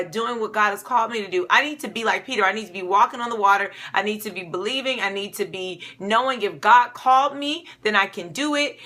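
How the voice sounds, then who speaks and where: A woman delivers a casual, conversational sermon with a bright, clear tone. She retells scripture informally with chatty asides. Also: mid-range voice. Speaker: preacher.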